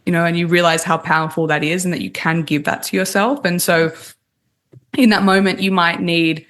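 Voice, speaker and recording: A woman dating coach, a guest on a podcast, calmly explaining techniques step by step in casual conversation. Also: lowish voice, brisk. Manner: calm, explanatory, walks through techniques step by step.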